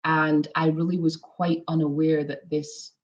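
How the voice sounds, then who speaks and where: A woman's voice: deep voice, level tone, a little slow. A woman from Scotland with an Edinburgh Scottish accent, a guest in a casual interview, chatty with many ums. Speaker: guest, former model. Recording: dull lo-fi audio.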